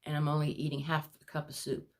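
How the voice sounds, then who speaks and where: Breathless low-voiced woman chatting to camera. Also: completely flat delivery, fast, a little mellow. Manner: rambling, apologetic, chatty. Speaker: vlogger showing her paintings. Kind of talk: casual chat to camera.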